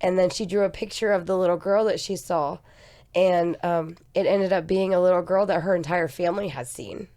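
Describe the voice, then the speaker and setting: A woman's voice: fairly low pitch, steady tone, brisk, warm tone. A woman co-hosting a podcast, chatting casually and telling stories with easy laughter. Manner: chatty storyteller, laughs often. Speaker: podcast co-host.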